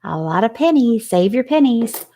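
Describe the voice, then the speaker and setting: A woman teacher giving a recorded phonics lesson to young children, sounding out letters slowly, asking questions and answering them with praise. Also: fairly high pitch, big pitch swings, dark tone.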